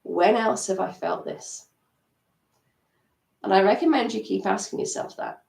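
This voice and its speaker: A woman EFT practitioner gently guiding listeners through tapping steps in a live coaching talk. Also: medium pitch, sing-song, normal speed, vocal fry. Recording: echoey room, distant mic.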